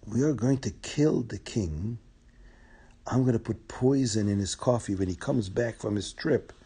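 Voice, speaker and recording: A man voicing a scheming, power-hungry viceroy who talks fast and pushy. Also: on the low side, dark tone, husky.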